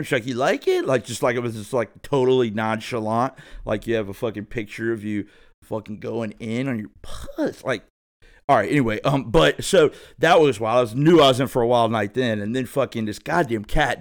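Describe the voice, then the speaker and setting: A man in his thirties, a podcast host, telling a rambling, profane story in a laid-back way. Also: medium pitch. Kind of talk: casual storytelling monologue.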